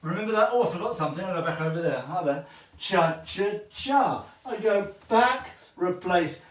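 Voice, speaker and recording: A man's voice: high-pitched, animated, moderate pace, recorded from a distance. A man giving a livestreamed dance lesson, counting the steps aloud while he demonstrates and cheering his viewers on. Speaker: dance teacher. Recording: echoey room, voice from afar.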